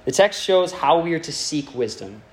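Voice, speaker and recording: Male preacher, slightly higher voice, chatty sermon delivery with questions to the church. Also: expressive, moderate pace. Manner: conversational and playful, asking the congregation questions.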